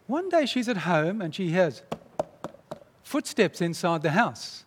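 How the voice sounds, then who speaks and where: Animated man preaching in a hall. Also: sits high, unhurried, a little hiss or hum. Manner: animated, dramatic storyteller. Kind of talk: sermon storytelling. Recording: long reverb in a large hall.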